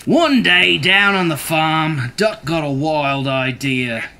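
A woman reading children's picture books aloud in a slow, animated way, adding her own asides. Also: low-pitched, very noisy. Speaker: storybook reader.

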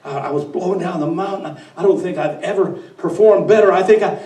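A man's voice: a little fast, warm tone, natural voice. A man voicing the wind as a breathless, stammering male figure making excuses, in an echoey church heard from a distance. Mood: flustered. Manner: high, flustered, stammering.

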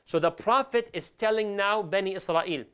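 A man's voice: sits high, moderate pace, fairly bright tone, clear, resonant tone. A man teaching a religious lesson as a sheikh, talking animatedly and switching between English and Arabic. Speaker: sheikh teaching Islamic stories.

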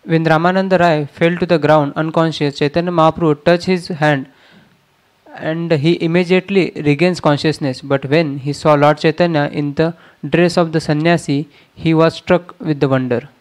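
A man reading verse translations aloud in a plain, steady way during a devotional lecture. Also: a little high, moderate pace.

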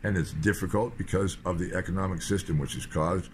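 Rambling low-voiced man, digressive rant. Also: a little fast, a little hiss or hum. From British Columbia, Canada. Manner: digressive, sardonic, talks in loose fragments. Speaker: political commentator. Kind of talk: rambling monologue.

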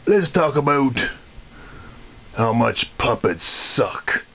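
A man voicing a smug, mean male puppet frog in a comedy puppet video, talking slowly with sly chuckles. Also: mid-range voice, very animated, a bit bright, heavily acted.

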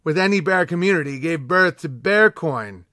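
A man's voice: fairly high pitch, lively intonation, moderate pace, bright, forceful tone, no echo, studio quality. A man doing a pompous panda herald. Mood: grandiose. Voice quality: pompous, proclaiming. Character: grandiose male panda bear herald, pompous. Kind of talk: mock-epic reading.

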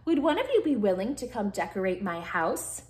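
A woman's voice: mid-range voice, very animated, normal speed, darkish tone, lightly acted. A woman voicing a friendly, polite male hermit crab who compliments and kindly asks favors. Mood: admiring. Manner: sweet, admiring, politely asking.

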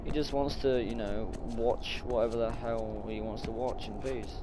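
A man's voice: mid-range voice, fairly even intonation, normal speed, noisy background. A young man commenting on a horror game, muttering nervously to himself and breaking into sudden startled shrieks. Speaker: gaming channel host.

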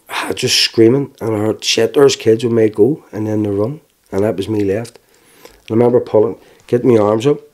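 In an interview, a forties-aged man from Belfast, Northern Ireland, plainly recounts his own experiences, stopping and restarting haltingly. His voice is medium in pitch and dark in tone.

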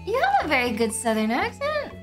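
A woman with a very high voice chats as she streams a farming game, giggling and teasing her co-player. Her pitch swoops around a lot as she talks, and music plays behind her. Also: wildly swooping pitch, brisk. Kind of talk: casual game-stream chat.

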